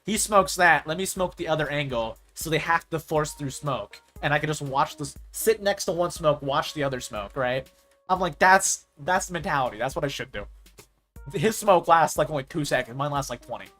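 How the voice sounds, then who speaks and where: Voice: mid-range voice, moderate pace, soft background music. A gaming streamer chatting casually and telling stories in a rambling way, with lots of "like" fillers. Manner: rambling, animated storytelling with filler "like".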